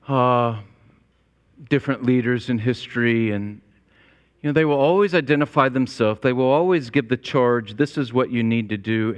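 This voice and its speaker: A man preaching a sermon as pastor, climbing to emphatic high peaks and then dropping low and quiet. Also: smooth. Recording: long reverb of a large hall.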